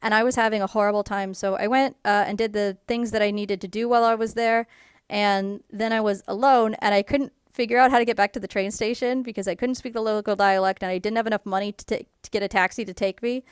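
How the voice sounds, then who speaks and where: A woman casually telling a personal story to camera in a rambling way, full of fillers, and animated when she quotes people. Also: mid-range voice, quick pace, clean tone, dry recording, studio quality. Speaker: YouTuber.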